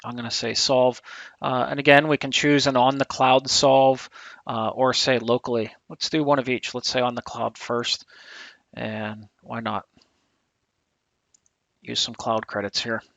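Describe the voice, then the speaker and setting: A man giving a software tutorial screencast, thinking aloud with relaxed fillers and restarts, a little tired. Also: medium pitch, a little slow, creaky, no room sound, rough recording. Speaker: instructor.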